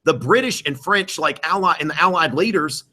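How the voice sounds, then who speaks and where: A man's voice: on the high side, lively intonation, moderate pace, bright, forceful tone, a little hiss or hum. A male history teacher giving a live exam review to students in a classroom, rambling with many fillers and jokey asides.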